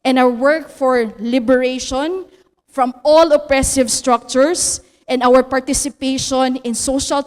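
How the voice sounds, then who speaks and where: A woman's voice: high voice, clean tone, in a large hall. A woman with a Filipino accent, lecturing as a theology teacher, often ending phrases with a questioning "no?" and slipping in Tagalog words. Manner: tag "no?" after phrases, mixes in Tagalog.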